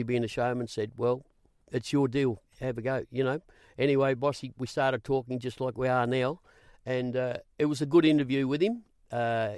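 Brief: older Australian male guest, lively yarn-spinner who acts out quoted dialogue, dry close recording. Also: medium pitch, no echo. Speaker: guest, former racing reporter. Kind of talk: storytelling interview.

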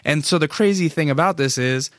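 A man in his thirties from Alaska, hosting a podcast in a casual, rambling, profane monologue, acting out quoted voices and jumping up high for them. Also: brisk, fairly bright tone, no room sound, studio quality. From Alaska, USA. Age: 30s. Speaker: podcast host. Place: recording studio.

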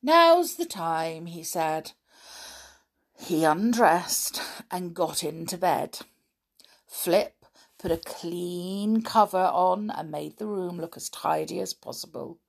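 Slow, expressive woman reading a bedtime story. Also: on the low side, gravelly.

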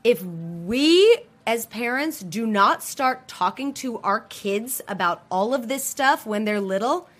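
A woman's voice: on the high side, lively intonation, slow pace. A woman in casual chat, talking animatedly with many fillers and restarts.

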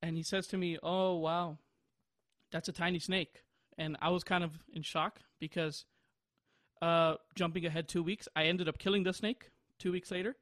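High-voiced rambling young man. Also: fairly even intonation, normal speed, a bit bright, no room sound, clean studio sound. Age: 20s. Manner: rambling storyteller, bursts of high laughter. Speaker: podcast host. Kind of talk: casual chat.

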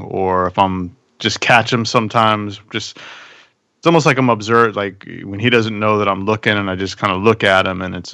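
A man in his thirties on a podcast, talking casually and reflectively about fatherhood, halting with many fillers. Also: on the low side, gravelly, sharp tone, smooth, no echo. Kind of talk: casual chat.

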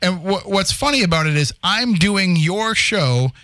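A man's voice: high-pitched, lively intonation, measured pace, pushed and bright, no room sound. A man co-hosting a radio talk show, musing aloud with frequent restarts and fillers. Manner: thinks aloud with many restarts and "you know"s. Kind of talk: casual talk radio chat.

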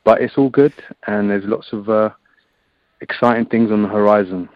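An Englishman who plays rugby guests on a casual interview over a phone line, laid-back and often saying "man." His voice is fairly low with fairly even intonation at a normal speed. The audio is lo-fi with no room sound.

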